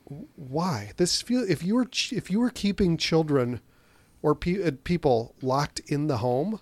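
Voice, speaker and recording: A man co-hosting a podcast, retelling film scenes in animated casual chat with quick asides. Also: on the high side, dry recording. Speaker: podcast co-host. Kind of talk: casual chat about movies.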